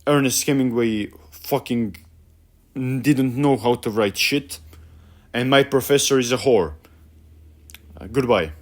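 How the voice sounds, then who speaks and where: A young male vlogger with a mid-range voice speaks slowly, with long pauses. Profane and exasperated, he rants about a book he hates, stumbling over his words and using many fillers.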